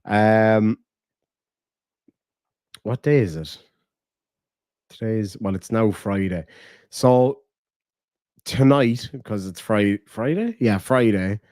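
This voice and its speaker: A man's voice: fairly low pitch, takes it slowly, long pauses, a little mellow, no room sound, clean studio sound. A man hosting a casual late-night stream, telling stories with lots of swearing and laughter. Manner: profane, laughing storyteller. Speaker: streamer host.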